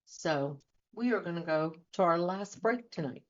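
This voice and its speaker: A woman's voice: fairly low pitch, expressive, measured pace. Earnest woman coaching on radio. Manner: earnest, repetitive rhetorical questions. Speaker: trauma and life coach, show host. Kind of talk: radio talk show monologue. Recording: dull lo-fi audio.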